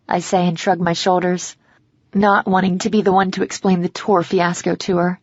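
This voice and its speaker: A woman narrating a first-person romance audiobook in a measured, reflective way. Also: fairly low pitch, flat delivery, a little mellow, dry recording, lo-fi sound.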